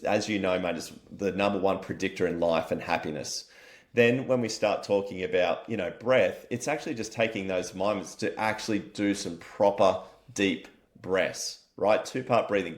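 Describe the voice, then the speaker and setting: Matey Australian man, low voice. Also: moderate pace. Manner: energetic, matey, swears casually. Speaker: wellness company founder, guest. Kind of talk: casual interview chat.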